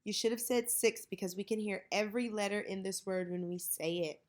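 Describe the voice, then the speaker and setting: A woman teacher leading a children's reading lesson, modeling each word slowly and clearly. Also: mid-range voice.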